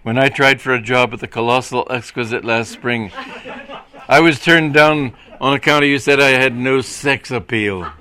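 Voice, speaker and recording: A man voicing a cold, blunt police sergeant who speaks slowly and firmly. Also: mid-range voice, sharp tone, voice pushed up, close to an everyday voice. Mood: aggrieved. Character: gruff, stubborn middle-aged male police sergeant.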